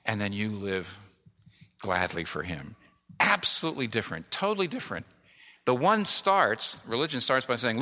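A man's voice: lowish voice, big pitch swings, moderate pace, pushed and bright. A middle-aged male pastor preaching a sermon with emphatic repetition. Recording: long reverb of a large hall.

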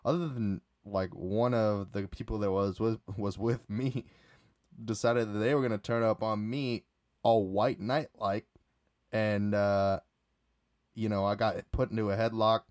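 A man's voice: fairly low pitch, steady tone, unhurried, a little mellow, dry recording, studio quality. A man hosting a solo podcast, telling a night-out story in a casual, rambling way with lots of fillers and restarts. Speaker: podcast host.

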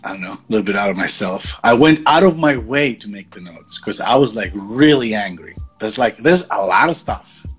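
A man's voice: on the low side, expressive, moderate pace, husky, soft background music. A man co-hosting a casual podcast, joking and rambling with lots of fillers and swearing. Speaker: podcast co-host. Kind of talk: casual chat.

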